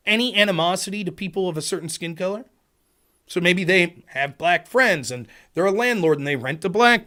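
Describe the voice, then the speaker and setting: Male talk host, higher register, lively pitch swings; argumentative monologue, acts out quotes. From Pennsylvania. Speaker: political talk show host. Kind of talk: livestream monologue.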